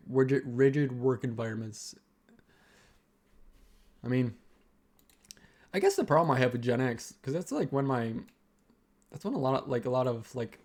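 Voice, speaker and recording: With a medium-pitched, slightly mellow voice, a young man rambles through a casual personal rant for his vlog. He halts often, restarting sentence after sentence.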